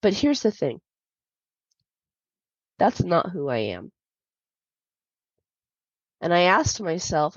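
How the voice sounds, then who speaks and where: A woman's voice: on the low side, expressive, slow pace, long pauses, darkish tone, no room sound. A woman hosting a podcast, telling a personal story in a candid, confiding way with many fillers. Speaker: podcast host. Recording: dull lo-fi dry sound.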